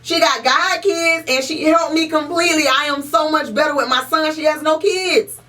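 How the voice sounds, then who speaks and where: Speaking at a normal speed, a young woman co-hosting in a podcast room brings a bright, forceful tone to her somewhat high voice during loose, heated chat. Her swearing flows freely, and repetition is how she stresses her points. The sound is slightly distant because she sits a bit back from the microphone.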